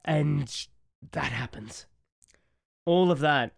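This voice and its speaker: A man's voice: a little high, takes it slowly, gravelly, no room sound, clean studio sound. A man in his thirties co-hosting a podcast, rambling and emotional in casual chat, swearing freely. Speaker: podcast co-host.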